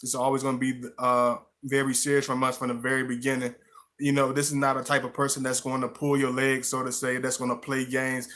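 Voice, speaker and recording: A man's voice: mid-range voice, monotone, fairly quick, fairly bright tone. A man hosting a casual live stream who rambles, restarts his words often, and greets viewers in the chat by name.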